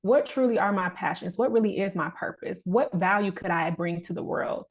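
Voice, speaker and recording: A woman's voice: medium pitch, normal speed, husky. A young adult woman speaking as a podcast guest in casual conversation, earnest and reflective with a motivational push.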